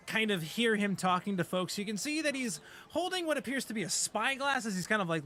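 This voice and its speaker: High-voiced man as game master. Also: sharp tone, slight background noise. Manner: hesitant, many fillers. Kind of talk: narrating a tabletop game.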